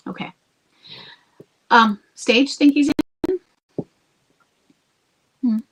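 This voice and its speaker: A woman's voice: high voice, very slow, rough recording. A woman hosting an advice podcast, answering a listener in a conversational, thinking-aloud way and sometimes dropping to a whisper. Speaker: podcast host and coach.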